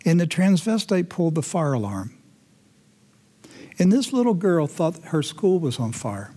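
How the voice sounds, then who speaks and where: A man hosting a commentary show, talking indignantly and moving between heated outbursts and hushed, emotional passages. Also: a little high, very animated, measured pace. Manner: indignant, swings from loud ranting to hushed emotional. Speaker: host.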